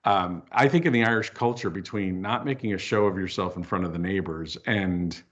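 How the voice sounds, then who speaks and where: A man tells candid stories as an interview guest. His talk is lively with quick asides. The audio is dull and lo-fi. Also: low-pitched. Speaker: filmmaker and author guest. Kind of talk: casual interview chat.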